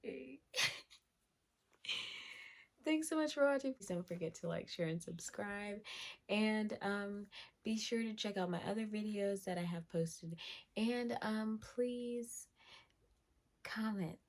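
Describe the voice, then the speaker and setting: A woman vlogger in a casual, excited chat, reading her results aloud. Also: mid-range voice. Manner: slow, excited and chatty, reads passages aloud.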